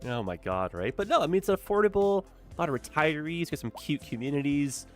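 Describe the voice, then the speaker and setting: A man's voice: on the high side, lively intonation, fairly quick, faint music behind. A man streaming a city-building game, chatting casually and reacting with dramatic exclamations. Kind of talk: casual gameplay commentary.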